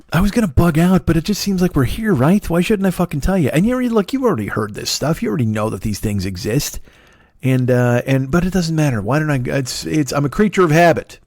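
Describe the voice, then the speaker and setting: A man's voice: medium pitch, darkish tone, no room sound, clean studio sound. A man in his fifties hosting a solo comedy podcast, rambling in a profane, self-mocking way with wandering asides. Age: 50s. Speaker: podcast host.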